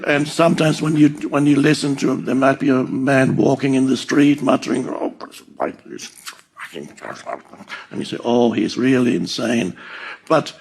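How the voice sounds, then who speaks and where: An older man giving a slow, reflective spiritual talk, pausing often and chuckling softly. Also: medium pitch, vocal fry. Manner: slow and deliberate, with soft chuckles. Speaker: spiritual teacher.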